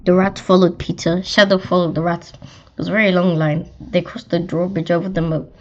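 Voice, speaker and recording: A woman reading a children's storybook aloud in a lively way, with some stumbles and restarts. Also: fairly low pitch, a little fast, a little hiss or hum. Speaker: story reader. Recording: slightly dull lo-fi recording.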